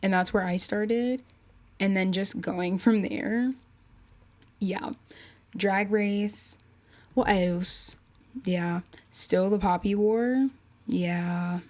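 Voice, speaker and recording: A woman hosting her own podcast, thinking out loud in a rambling, unpolished way full of fillers. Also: mid-range voice, drawn-out words, pauses often. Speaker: podcast host. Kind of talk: casual solo podcast chat.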